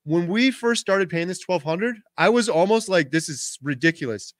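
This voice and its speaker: Chatty man, higher voice, dry close mic. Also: moderate pace, dry recording. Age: 40s. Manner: animated storytelling, talks over his wife. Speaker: host. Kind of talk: casual livestream chat.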